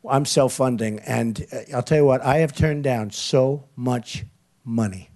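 A man's voice: medium pitch, measured pace, darkish tone. A man speaking as a political candidate at a campaign event, repeating lines and leaning on superlatives. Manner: repetitive, boastful superlatives. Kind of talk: campaign rally speech.

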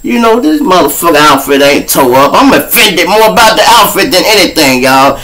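A man with a Chicago accent tells rambling street stories on his own show. He is casual and profane, and his voice jumps high whenever he plays other people in the story. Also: very animated, moderate pace, pushed and bright, poor audio. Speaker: host telling street stories.

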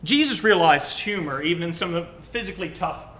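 A young adult man preaching a sermon to his congregation, telling personal stories in an animated, joking way. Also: high voice, brisk. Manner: animated, jokey storytelling. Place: church hall. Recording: roomy church hall.

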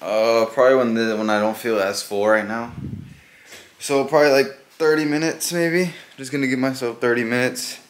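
A man's voice: medium pitch, fairly even intonation, normal speed. A young man talking casually to his vlog camera, rambling with lots of fillers. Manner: rambling, many fillers like "like" and "you know". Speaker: family vlogger.

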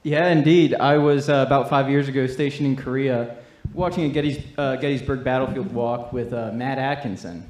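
A man, a trivia contestant, telling a casual story with a relaxed manner and filler words. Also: mid-range voice, normal speed, a little hiss or hum. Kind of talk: casual anecdote. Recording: echoey hall.

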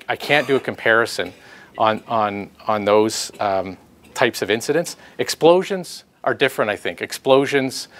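A man giving a public talk with slides, presenting his research in a halting way with many fillers and restarts. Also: lowish voice, fairly bright tone.

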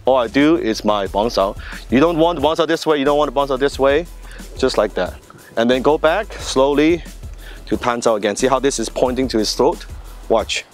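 A man's voice: medium pitch, moderate pace. A man coaching a partner drill while demonstrating it, walking through each movement step by step. He keeps checking in with short questions to the viewer. Faint music plays underneath. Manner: explains step by step, checks in with "right?" and "see that?". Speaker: martial arts instructor. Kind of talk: hands-on demonstration lesson.

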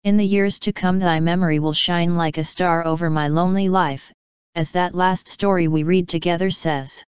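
A woman's voice: on the low side, steady tone, normal speed, smooth, no echo, dull audio, lightly acted. A woman reading the part of a dreamy, dramatic orphan girl in an audiobook, with romantic, old-fashioned phrasing. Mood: tearful.

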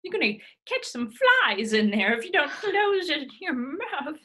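Bright, high, swoopy saucy grandma, a woman doing the voice for an improv comedy bit. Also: very animated, measured pace, full character voice. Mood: reminiscing. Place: home video call.

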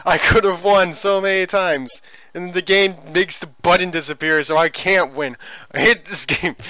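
A man doing gameplay commentary, ranting and swearing at the game, swinging between yelling and hushed muttering. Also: high voice, measured pace. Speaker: let's play gamer.

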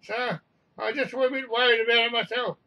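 A man's voice: very high-pitched, steady tone, moderate pace, recorded from a distance, muffled recording, pitched above the performer's own voice. A man voicing a nervous male flight steward who frets and hesitates. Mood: worried.

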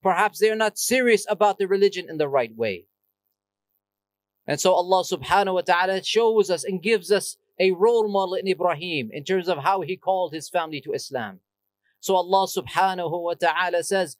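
A man's voice: high-pitched, normal speed, dry recording. A male preacher giving a Friday sermon in a mosque, switching between chanted Arabic verses and English explanation.

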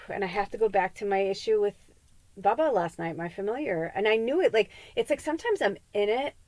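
A woman's voice: mid-range voice, expressive, normal speed, a little mellow, dry recording. A middle-aged woman from the Midwest, a psychic medium rambling candidly in a casual spiritual podcast monologue and swearing freely. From American Midwest.

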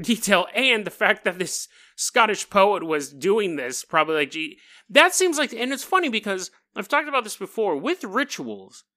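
Sex: man. Role: podcast host. Style: casual monologue. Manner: joking, self-mocking. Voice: bright and animated. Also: sits high.

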